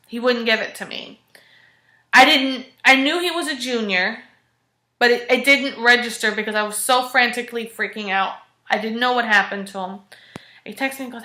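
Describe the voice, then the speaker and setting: A woman in her thirties telling a personal story in a frank, expressive, casual way. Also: a little high. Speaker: vlogger. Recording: echoey room.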